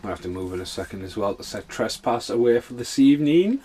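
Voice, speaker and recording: A man's voice: medium pitch, expressive, quick pace, dark tone, slightly rough. A man casually chatting and swearing his way through a film commentary for his podcast. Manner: swears a lot, chatty and offhand.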